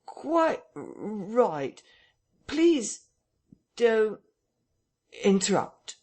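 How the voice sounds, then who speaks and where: A man voicing a flustered middle-aged vicar who protests in a high, strained, jerky voice. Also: wildly swooping pitch, unhurried, exaggerated voice. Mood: agitated.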